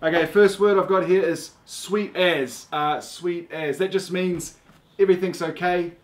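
A man's voice: high-pitched, steady tone. A young man with a New Zealand accent, casually walking his daughter through a playful repeat-after-me lesson. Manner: playful, halting, laid-back. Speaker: dad teaching his young daughter slang. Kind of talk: casual instructional video.

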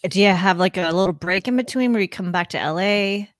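A woman hosting a casual interview, bubbly and quick to laugh. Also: medium pitch, no echo. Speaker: podcast host.

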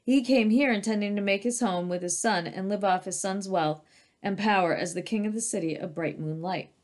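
A woman voicing a kind stone mother lion who gently scolds and explains. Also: mid-range voice, brisk, close to an everyday voice. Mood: serious. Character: kindly mother lion, a stone guardian statue.

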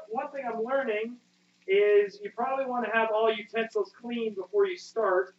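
A man's voice: sits high, fairly even intonation, moderate pace. Profane, rambling man live-streaming his cooking. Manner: rambling, profane, self-deprecating, talks to chat. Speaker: streamer cooking while chatting with viewers. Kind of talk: casual live-stream chat. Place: home kitchen. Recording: muffled lo-fi stream audio.

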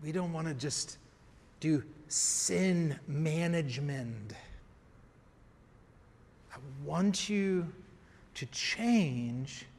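A man preaching a sermon as pastor, emphatic, swinging from quiet to raised. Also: a little high, very slow, pauses often, long reverb tail. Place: church.

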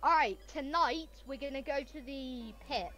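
A woman's voice: sits high, moderate pace, sharp tone, slight background noise. A woman chatting casually while co-playing a video game, giggly and given to panicked squeals. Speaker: gamer co-playing a prison game. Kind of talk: casual gaming chat.

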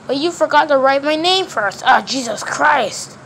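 A woman talking through a toy play scene, switching quickly between plush characters in loose, ungrammatical play talk. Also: high voice, animated, gravelly, fairly bright tone, slight background noise. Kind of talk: toy play with many voices.

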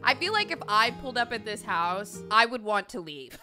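A young adult woman hosting a stream, chatting casually and excitably as she reacts to videos and pictures, often breaking into laughter. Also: fairly high pitch, normal speed, music in the background. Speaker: streamer host.

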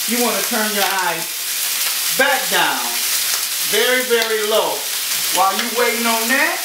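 A man hosting a home cooking show, chatting casually and talking the viewer through each step in his kitchen. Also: high-pitched. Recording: echoey kitchen, far from mic, sizzling noise. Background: frying and sizzling from the pan.

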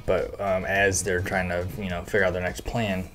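A man's voice: low-pitched, level tone, moderate pace, fairly bright tone, soft background music. A man hosting a casual episode breakdown, talking loosely with lots of fillers and casual swearing. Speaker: show recap host.

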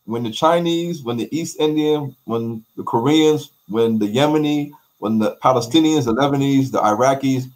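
Male interview guest, African American English, animated, emphatic storyteller. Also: medium pitch, normal speed, few pauses. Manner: emphatic, repeats phrases, acts out quotes.

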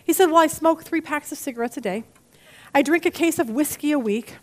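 A woman teaching a Bible study lesson in a chatty, animated way, acting out the people she quotes. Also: high voice, brisk.

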